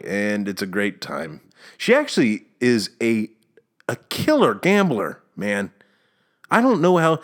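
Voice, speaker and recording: A young man rambles through his solo podcast in an animated, ranting way, chuckling often. His voice sits fairly low but swings widely in pitch as he gets worked up. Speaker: podcast host. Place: outdoors or near a window, planes heard passing.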